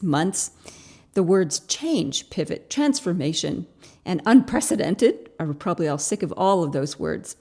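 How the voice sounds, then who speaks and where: Female interview host from Canada, low-ish voice, enthusiastic delivery. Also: dark tone. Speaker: podcast host. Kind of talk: podcast interview.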